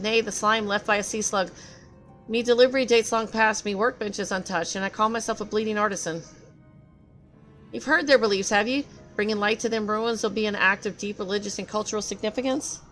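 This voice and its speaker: A woman reading game dialogue aloud as a gruff, self-loathing male craftsman who grumbles and curses in a rough dialect. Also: mid-range voice, a little fast, fairly bright tone, soft background music, close to an everyday voice. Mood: grumbling.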